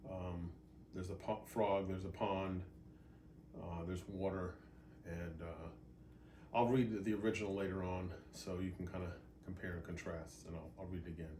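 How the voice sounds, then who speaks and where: A man teaching haiku in a relaxed, unhurried way, thinking aloud with many ums and uhs. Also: sits low, a little hiss or hum. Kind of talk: relaxed spoken lesson.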